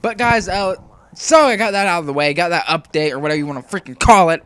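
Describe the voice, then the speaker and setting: Young male gaming commentator, slightly high voice, rambling and slangy, casual swearing, throat still recovering. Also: fast talker, fairly bright tone, smooth, no echo. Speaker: gaming YouTuber. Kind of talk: off-the-cuff gameplay commentary.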